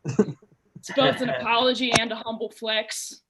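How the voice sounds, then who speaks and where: A young woman from Ohio performing a stand-up set, telling childhood stories with animated impressions. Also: a little high, unhurried, background noise. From Dayton, Ohio. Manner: animated storytelling with shouted impressions and a sung bit. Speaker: stand-up comedian.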